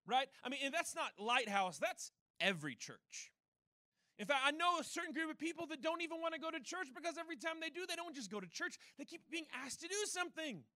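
High, bright-voiced young preacher. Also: male voice, expressive, fast talker, no room sound. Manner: conversational, self-deprecating storytelling. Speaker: pastor. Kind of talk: sermon.

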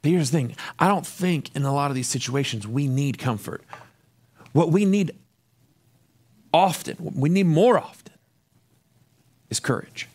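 A male pastor preaching a sermon, lively and animated, often repeating words as he restarts. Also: fairly high pitch, measured pace, pauses often.

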